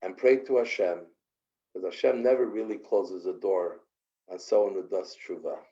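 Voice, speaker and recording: A man voicing a wise old rabbi who gives calm, solemn counsel. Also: low voice, moderate pace, dull audio, pitched below the performer's own voice.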